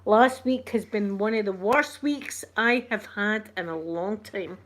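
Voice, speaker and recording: A woman's voice: mid-range voice, unhurried, noisy background. A middle-aged Scottish woman hosting a casual livestream, telling a story animatedly and acting out what people said. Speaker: channel host.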